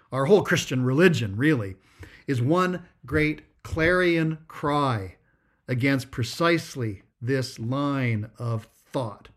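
A man giving a Christian spiritual talk, emphatic and repetitive, stretching out key words. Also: mid-range voice. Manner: emphatic, repetitive, drawn-out stresses. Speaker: Christian speaker.

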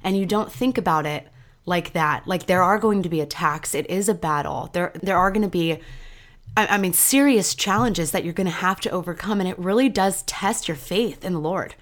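A woman's voice: lowish voice, moderate pace. A woman hosting an interview, asking questions casually and responding with enthusiasm. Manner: warm, affirming questions with many fillers. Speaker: podcast host.

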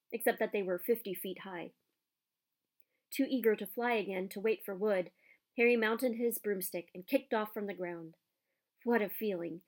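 A woman narrating a children's audiobook in a calm, even storytelling manner. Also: mid-range voice.

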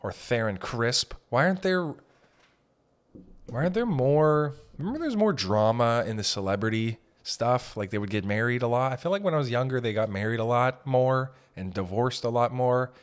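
A man's voice: mid-range voice, expressive, normal speed. A young man talking on a podcast in a rambling, self-deprecating comedic monologue, swearing casually. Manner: meandering, self-deprecating, swears casually, breaks into loud mock shouts. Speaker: podcast host.

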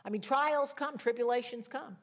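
An older woman teaching a Bible study. She tells personal stories in a chatty way, with self-mocking asides and sudden jumps in pitch and loudness. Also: moderate pace.

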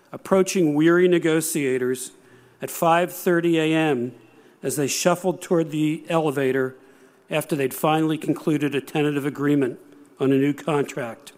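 Man in his sixties giving a measured speech. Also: a little high, darkish tone. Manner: measured storytelling with dry humor. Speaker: speaker. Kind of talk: prepared speech.

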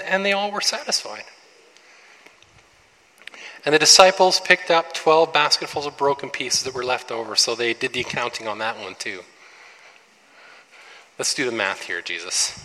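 A male pastor preaching a sermon, animated, full of rhetorical questions and quick restarts. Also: medium pitch. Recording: long reverb of a large hall.

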